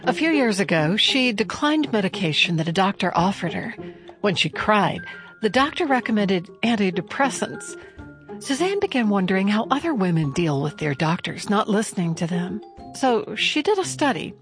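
A woman hosting a radio program, narrating a scripted introduction and interviewing a guest in measured, clearly enunciated speech. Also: medium pitch, very animated, faint music behind. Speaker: radio show host.

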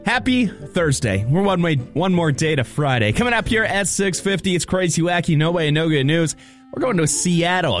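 Upbeat man hosting morning radio. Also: a little high. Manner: upbeat, jokey. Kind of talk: radio banter. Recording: faint music bed.

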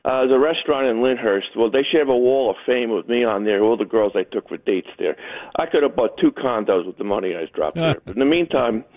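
A man calling in to a talk show, telling joking stories in an animated way. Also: mid-range voice, a little fast. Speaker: caller. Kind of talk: phone-in storytelling. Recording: tinny phone line.

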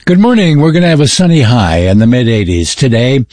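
A man reading radio station announcements and a medical ad in a smooth, persuasive delivery. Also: mid-range voice, big pitch swings, a little fast, darkish tone, no echo, studio quality.

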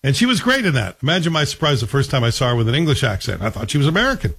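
Husky chatty man reviewing TV. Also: medium pitch, sing-song, rapid-fire, fairly bright tone. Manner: chatty, wry, conversational with rhetorical questions. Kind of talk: casual spoken TV review.

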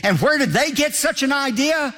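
A man's voice: very high-pitched, animated, moderate pace, bright, forceful tone, big-room sound. A male pastor delivering a sermon in an emphatic, declamatory way, driving points home by repetition.

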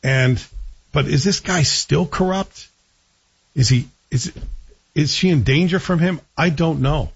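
A man's voice: fairly high pitch, measured pace, vocal fry, husky. A man giving a chatty, wry TV review in a casual, frank way. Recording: dull lo-fi recording.

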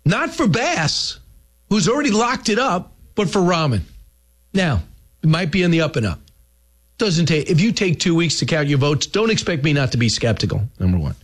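A man's voice: fairly high pitch, big pitch swings, normal speed. A man hosting a talk show, giving combative, opinionated political commentary with sarcastic asides. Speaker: radio host.

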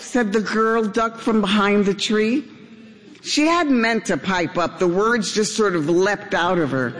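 Slow, expressive older woman storyteller. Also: mid-range voice, long reverb tail. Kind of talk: storybook reading.

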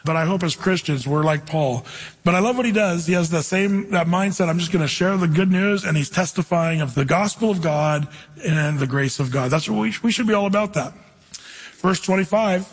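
A man's voice: high voice, fairly quick, husky, in a large hall. A man preaching a sermon, teaching from the Bible in a conversational way with stories from his own life. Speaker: pastor.

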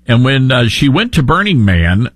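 A man's voice: mid-range voice, sing-song, normal speed, breathy edge, dry recording. A middle-aged man hosting talk radio, opinionated, sarcastic and joking. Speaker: radio talk show host.

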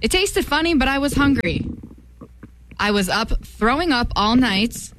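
A female co-host with a slightly high voice chats casually and reads listener stories aloud. Her delivery stays amused and giggly throughout. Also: expressive, measured pace, background noise. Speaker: radio show co-host. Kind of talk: casual banter and reading complaints.

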